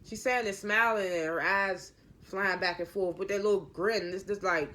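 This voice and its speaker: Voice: medium pitch, fairly even intonation, moderate pace, pushed and bright. Rambling, opinionated show reviewer. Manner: rambling, opinionated, often correcting themself. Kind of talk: casual recap and review.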